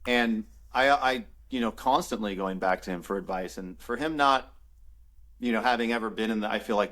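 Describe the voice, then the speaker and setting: Animated man telling a story. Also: on the low side. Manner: animated storyteller, acts out quoted dialogue, laughs often. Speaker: podcast guest, former football player. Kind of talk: casual storytelling interview.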